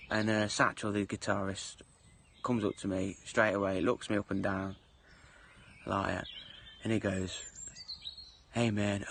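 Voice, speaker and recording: Low-voiced man, blunt story. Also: a bit bright, slight background noise. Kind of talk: casual anecdote.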